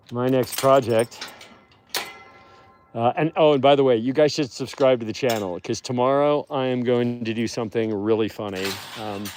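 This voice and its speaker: A man of medium pitch rambles cheerfully through a casual livestream, laughing easily between asides. He is outdoors beside wolf enclosures, talking into a handheld phone. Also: darkish tone, a little hiss or hum. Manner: rambling and chatty, with easy laughter. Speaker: wolf sanctuary host.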